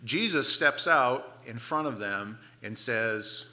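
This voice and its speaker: A middle-aged man preaching a sermon, telling the story with playful asides and dropping to soft, hushed tones for tender moments. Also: mid-range voice, animated, takes it slowly. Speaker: pastor.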